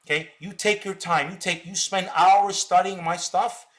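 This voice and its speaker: A man's voice: high-pitched, fairly even intonation, moderate pace, fairly bright tone. Ranting, stammering man on a live stream. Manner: combative, ranting at viewers with repeated stammered words. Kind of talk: unscripted live stream talk.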